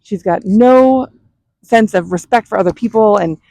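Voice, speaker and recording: A woman's voice: medium pitch, normal speed, warm tone, no room sound, lightly acted. A woman acting out a furious young woman who rants and screams profane insults. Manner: ranting, profane.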